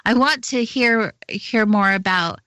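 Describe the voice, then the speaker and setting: A woman's voice: on the high side, unhurried, sharp tone, dry recording. A woman hosting an internet radio talk show, chatty and welcoming as she introduces her guest.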